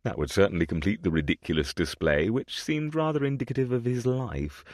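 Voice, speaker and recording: A man with a low voice reads an audiobook with lively, expressive swings of pitch. His delivery is scripted and close-miked. The sound is dry, with no room around it. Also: no room sound. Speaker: audiobook narrator.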